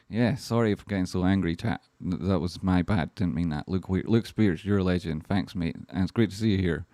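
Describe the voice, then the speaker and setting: A man's voice: low-pitched, a little mellow, dry recording, clean studio sound. A British man hosting a stock market live stream, talking bluntly, swearing constantly and replying to his chat.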